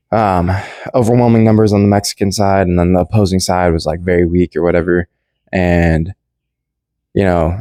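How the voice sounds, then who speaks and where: A man's voice: sits low, darkish tone, dry recording. A young man rambling through a casual Bible commentary in slangy, laid-back speech full of restarts. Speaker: Bible study vlogger.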